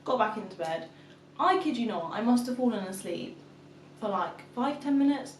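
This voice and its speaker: A woman's voice: a little high, animated, moderate pace, a little hiss or hum. A young woman and mother chatting casually to camera, telling a story and acting out her toddler's calls. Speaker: vlogger, mother of two. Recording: echoey room, mic at a distance.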